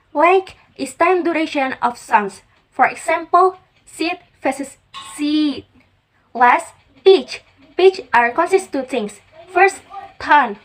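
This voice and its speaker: A young woman with a high voice gives a student presentation. She reads carefully and a little haltingly, pausing on fillers as she goes through each point. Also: poor audio. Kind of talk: reading a class presentation.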